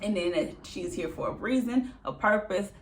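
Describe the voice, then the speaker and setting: A woman's voice: medium pitch, normal speed, a little hiss or hum. A woman recapping a reality show in a casual, chatty way, laughing often and mimicking the people she quotes.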